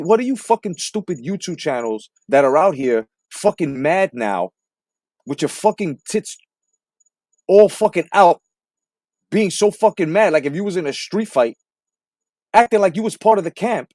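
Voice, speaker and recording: A man with a fairly high, wildly animated voice rants combatively, swearing and hammering his points with repetition. The sound is close and dry, with almost no room. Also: normal speed, dry recording. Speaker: boxing commentary host. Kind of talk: profane live-stream rant.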